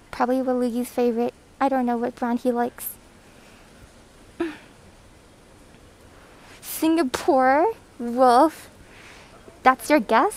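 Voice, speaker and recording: A woman with a voice on the high side chats casually during a live stream at an airport terminal, reading the chat and excitedly greeting viewers. She breathes heavily through a thick mask, and the hand-held phone gives a low-quality recording.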